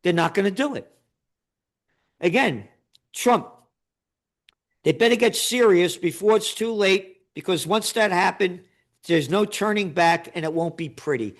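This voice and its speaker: A man's voice: high-pitched, measured pace, long pauses. A man from the Bronx, ranting as a guest in a combative, sarcastic way. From the Bronx, New York. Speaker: guest commentator. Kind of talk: heated political rant.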